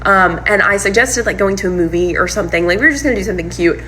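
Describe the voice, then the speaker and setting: A woman telling a personal story in a casual monologue, animated and full of "like" and "um". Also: mid-range voice, fast talker, slight background noise, low-quality recording. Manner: animated retelling, heavy use of "like" and "um". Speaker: storyteller recounting her breakup.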